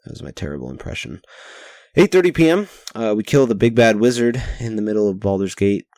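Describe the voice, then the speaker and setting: Low-voiced rambling young man podcasting. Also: expressive, fairly quick, a little mellow, dry recording, clean studio sound. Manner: rambling, self-deprecating, swears casually. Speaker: podcast host. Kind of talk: casual spoken journal. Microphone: headset mic with pop filter.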